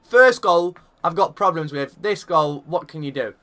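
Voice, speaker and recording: A man commentating his own football video game, getting excitable and shouting at the big moments. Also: fairly high pitch, normal speed. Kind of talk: gaming commentary.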